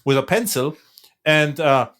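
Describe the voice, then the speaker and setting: A man hosting a podcast, telling a story in a casual conversation, chatty and animated. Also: a little high, unhurried. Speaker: podcast host.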